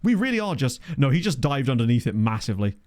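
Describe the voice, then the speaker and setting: Male streamer, lively sing-song delivery, chatty, reads chat as he plays. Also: medium pitch, quick pace. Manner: chatty, reads chat aloud, laughs often. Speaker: streamer playing a football management game. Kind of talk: casual live-stream commentary.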